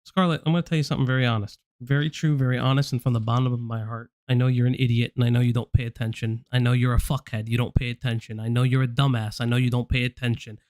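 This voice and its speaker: A man's voice: mid-range voice, level tone, quick pace, hardly any pauses, a little mellow, dry recording. A man hosting a livestream, speaking directly to someone in a confrontational, repetitive way. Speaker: stream host. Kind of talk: livestream commentary.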